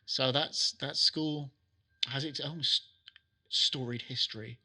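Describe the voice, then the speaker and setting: A middle-aged man, a soccer trainer and interview guest, telling animated stories and acting out what people said. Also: mid-range voice, slow. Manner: animated anecdotes, acts out quotes. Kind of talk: casual interview storytelling.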